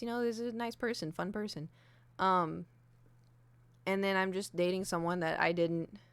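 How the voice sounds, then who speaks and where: Young woman streamer, lowish smooth voice, candid rambling chat, dry close sound. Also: no room sound. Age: young adult. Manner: candid, self-deprecating, many fillers. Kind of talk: casual chat. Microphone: desk mic with ring light.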